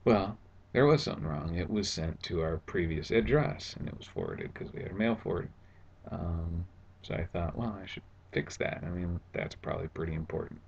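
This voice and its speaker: Low, creaky-voiced man, casual sarcastic vlogger, dull home recording. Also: moderate pace, darkish tone, slight background noise. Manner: sarcastic, exasperated retelling. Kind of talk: casual storytelling vlog. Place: at home indoors.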